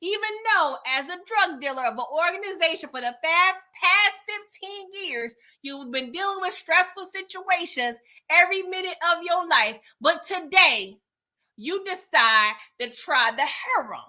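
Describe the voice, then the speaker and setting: Bright-voiced woman ranting about a show. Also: very high voice, measured pace. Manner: frustrated, animated, talks straight to viewers. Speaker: TV recap host. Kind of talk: casual recap reaction and chat comments.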